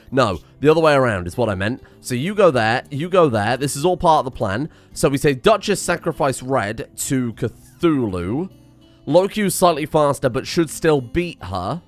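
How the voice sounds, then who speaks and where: A man giving excitable, self-mocking commentary while playing a game, thinking aloud and swearing. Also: medium pitch, normal speed, faint music behind. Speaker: gaming streamer. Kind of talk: casual gameplay commentary.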